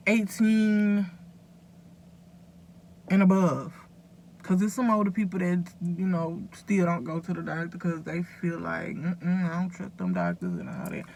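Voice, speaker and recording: Gravelly-voiced woman vlogger, earnest. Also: fairly low pitch, slight background noise. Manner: earnest, rambling, advice-giving to viewers. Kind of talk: casual direct-to-camera talk.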